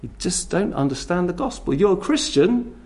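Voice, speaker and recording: A man's voice: sits high, expressive, moderate pace, a little mellow. A middle-aged man preaching a sermon, earnestly pressing his listeners with repeated direct questions. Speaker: pastor.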